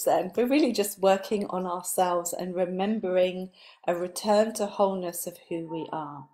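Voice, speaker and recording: A woman spiritual coach giving a live motivational talk, earnest, building her points in repeated lists and letting her voice sink soft and breathy on key words. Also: mid-range voice.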